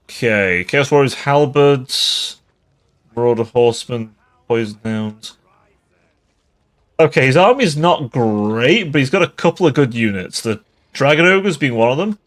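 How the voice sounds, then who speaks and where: A man's voice: medium pitch, expressive, measured pace. A tipsy man giving casual livestream commentary on a strategy game, swearing often and laughing between remarks. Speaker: game streamer.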